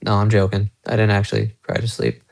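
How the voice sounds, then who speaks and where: Holding his phone near, a young man rambles to his live stream viewers from a small home room, showing his guitars and watches. He talks briskly in a lowish, gravelly voice that's a little mellow.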